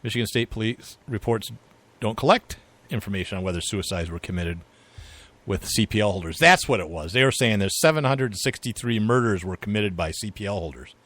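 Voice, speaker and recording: A man's voice: lowish voice, expressive, fairly quick, a bit bright. Rambling man in casual talk. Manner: rambling, chuckling, filler-heavy. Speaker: podcast co-host. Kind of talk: casual political chat.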